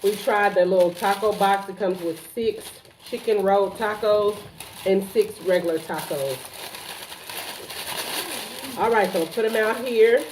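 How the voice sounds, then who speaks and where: A woman's voice: mid-range voice, unhurried, pauses often. A middle-aged woman hosting a family mukbang, chatting and laughing as she asks her family questions while they eat. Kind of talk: casual chat while eating. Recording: roomy sound from a distant mic, faint noise.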